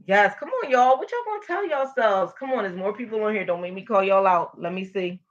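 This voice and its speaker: A woman's voice: mid-range voice, animated, a little fast, lo-fi sound. A woman hosting a live stream, energetically encouraging viewers and reading their comments aloud. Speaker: motivational livestream host.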